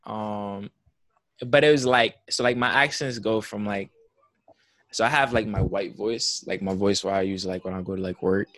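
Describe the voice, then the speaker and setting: A man's voice: on the low side, steady tone, normal speed, fairly bright tone, no room sound. A young man from Jamaica with a New York accent, talking in a rambling casual chat full of fillers.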